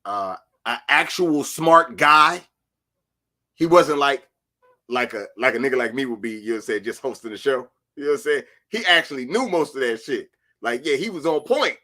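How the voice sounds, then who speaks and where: Animated, profane man, bright voice. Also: mid-range voice, moderate pace. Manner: animated, profane, jumps to shouting in bursts. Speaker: podcast co-host. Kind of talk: casual chat.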